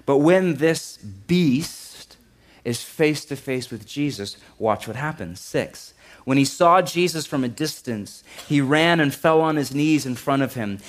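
A man's voice: fairly high pitch, expressive, a little slow. Joking, conversational male pastor mid-sermon.

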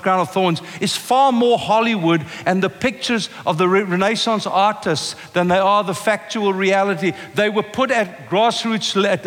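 A man preaching a passionate sermon, moving from forceful declarations to a hushed, intimate telling of a story. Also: sits high. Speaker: pastor. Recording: long reverb of a large hall.

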